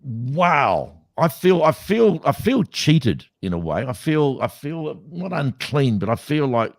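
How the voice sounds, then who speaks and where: A man's voice: mid-range voice, very animated, takes it slowly, no echo. A man co-hosting a podcast, talking skeptically in a casual debate with many restarts. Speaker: podcast co-host.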